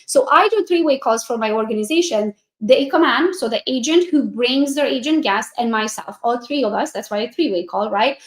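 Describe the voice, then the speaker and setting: Fast-talking, high-voiced woman coach. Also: echoey room. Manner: fast, animated, talks a lot; acts out calls in a bubbly voice. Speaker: real estate sales coach. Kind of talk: coaching presentation.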